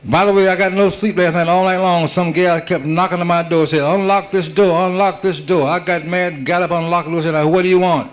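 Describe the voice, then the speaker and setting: A man doing a stand-up comedy routine, rattling off one-liners built on quick "I said, she said" exchanges. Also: sits high, little pitch movement. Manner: rapid-fire joke telling with "I said, she said" setups.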